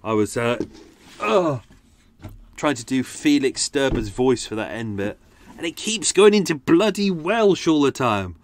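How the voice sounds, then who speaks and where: Podcast guy waffling, sweary, self-mocking, pitch all over the place. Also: expressive, moderate pace. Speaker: podcast host. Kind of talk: casual chat.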